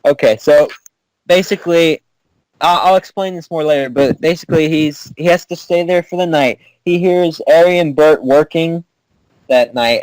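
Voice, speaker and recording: Rambling guy explaining a story plot, kinda high voice, dry sound. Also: darkish tone, dry recording, low-quality recording. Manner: rambling, self-correcting retelling. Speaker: pitching a story idea. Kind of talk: casual storytelling.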